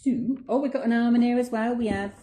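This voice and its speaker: An excitable woman unboxing her collection in a casual vlog, swearing freely and squealing with delight. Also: a little high, quick pace. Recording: echoey room with clear background noise.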